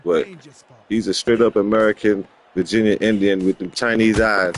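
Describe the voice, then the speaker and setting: A man's voice: on the low side, fairly even intonation, normal speed, a little hiss or hum. A man giving casual gaming commentary, rambling and joking with frequent laughs. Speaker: gamer.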